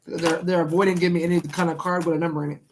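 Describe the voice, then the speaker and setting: A woman's voice: lowish voice, level tone, racing, noisy background. Chatty woman reading tarot live. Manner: casual, chatty, talks to chat and repeats herself. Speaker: tarot reader streaming live.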